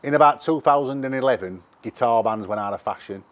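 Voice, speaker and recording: A middle-aged man with a Sheffield accent, a musician telling animated, sweary anecdotes in a casual interview. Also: mid-range voice, fairly quick. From England. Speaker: musician guest.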